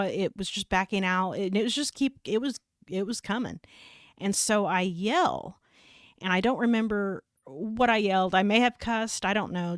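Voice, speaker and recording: A woman's voice: mid-range voice, dry recording, clean studio sound. A middle-aged woman co-hosting a faith podcast, telling a personal story in casual chat with laughs and restarts. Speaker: podcast co-host.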